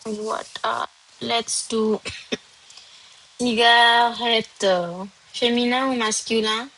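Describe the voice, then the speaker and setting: A woman teaches a live online French lesson at an unhurried, deliberate pace, moving between English and French. Her voice sits a little high, and she calls on students from the chat one by one. French is not her first language. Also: fairly even intonation, bright, forceful tone, poor audio. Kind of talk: live online doubt-solving class.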